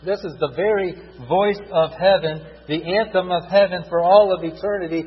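A man preaching a sermon, swinging from loud fervent repetition to hushed, tender pleading. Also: sits high, fairly even intonation, moderate pace, husky, long reverb tail, dull audio.

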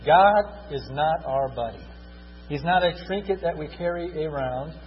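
A man preaching a sermon, swinging from loud fervent repetition to hushed, tender pleading. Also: a little high, measured pace, long reverb tail, lo-fi sound, slight background noise.

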